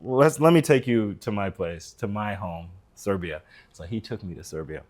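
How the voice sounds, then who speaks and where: American man, low voice, animated storyteller, casual podcast chat. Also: normal speed. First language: English. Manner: animated storyteller, acts out quoted dialogue. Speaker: podcast guest.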